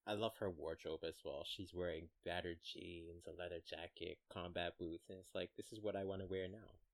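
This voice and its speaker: A man's voice: low voice, fairly even intonation, moderate pace. A man in his twenties co-hosting a podcast, chatting casually about a book with playful, wry asides. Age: 20s. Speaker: podcast co-host. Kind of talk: casual book-discussion chat.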